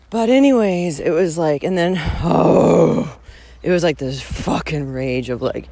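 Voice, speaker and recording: This young woman's voice is low, warm and gravelly, and she talks a little slowly while ranting with swear words on an outdoor trail. She is a podcast host hiking the Camino, filming her own walk-and-talk vlog.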